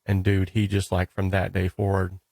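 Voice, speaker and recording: Deep-voiced man hosting a casual interview. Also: normal speed, gravelly, dry recording. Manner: animated storyteller, says dude and like often. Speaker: podcast host.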